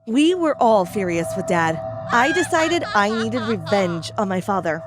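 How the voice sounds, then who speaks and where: A woman narrating an animated story in a lively, chatty first-person style. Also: medium pitch, measured pace. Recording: background music under the voice.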